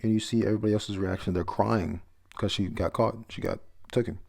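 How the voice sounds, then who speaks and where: Low-voiced man rambling through a comic. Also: steady tone, fairly quick, gravelly, darkish tone. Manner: rambling, stumbles over words, swears casually. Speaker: manga chapter reviewer. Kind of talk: casual read-through commentary.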